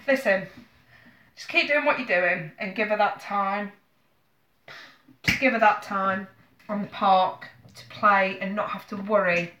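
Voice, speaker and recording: A woman's voice: mid-range voice, unhurried, long pauses, bright, forceful tone, echoey room. A woman giving a live tarot reading from home, speaking earnestly and emotionally to a viewer. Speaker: tarot reader.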